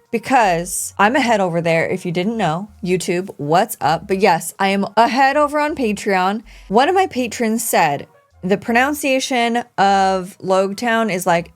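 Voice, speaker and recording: A bubbly woman in the middle of her range chats straight to her audience as a reaction host. She talks with eager energy, trails off into asides and circles back, with faint music behind her. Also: medium pitch. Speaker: anime reaction YouTuber. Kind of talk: casual chat to camera.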